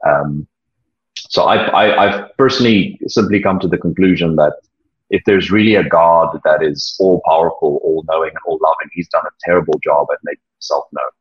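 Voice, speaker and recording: A man being interviewed, speaking reflectively in a halting way, often repeating words and pausing with ums. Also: very deep voice, husky. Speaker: interview guest, former church leader. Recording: dull lo-fi audio.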